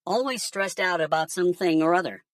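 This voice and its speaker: A woman's voice: fairly low pitch, a little fast, no echo, studio quality, distant mic, natural voice. A woman voicing a laid-back, stoned alien conspiracy theorist who rambles and swears casually in a comedic monologue. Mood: stoned rambling.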